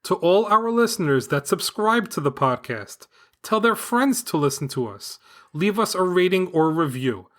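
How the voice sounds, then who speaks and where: A man hosting a children's podcast with his daughter, reading a script in an upbeat, enthusiastic, clearly paced way. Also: sits high, expressive, normal speed, fairly bright tone. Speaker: podcast host and father. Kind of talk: scripted podcast narration for kids.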